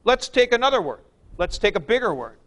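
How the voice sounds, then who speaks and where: A man's voice: high-pitched, sing-song, fairly quick, a bit bright. A man teaching a grammar lecture, explaining step by step with folksy comparisons and frequent check-ins. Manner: plain-spoken, folksy comparisons, checks in with listeners. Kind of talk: classroom lecture.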